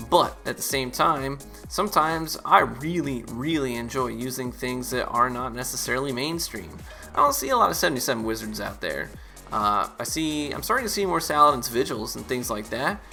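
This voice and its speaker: A man giving relaxed, chatty gameplay commentary as a streamer. He uses lots of fillers and laughs easily. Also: mid-range voice. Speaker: gaming YouTuber and streamer.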